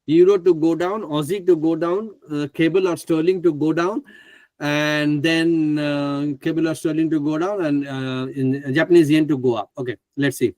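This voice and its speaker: A man runs a live online trading class over a video call, pausing often with fillers and restarting his sentences. His voice sits a little high. The sound is dry and close, with no room echo. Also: fairly even intonation, a little mellow. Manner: hesitant, many fillers and restarts. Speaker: trading instructor.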